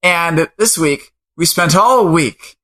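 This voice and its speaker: Chatty male co-host, fairly high voice, bright and lively. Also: takes it slowly. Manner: chatty, laughs often. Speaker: podcast co-host. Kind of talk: casual chat.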